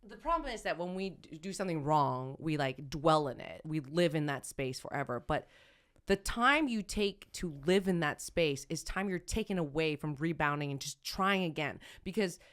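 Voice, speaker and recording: Actress guest, low-pitched woman, loose self-correcting chat. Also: moderate pace. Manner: rambling, self-correcting, animated storyteller. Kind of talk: casual conversational interview.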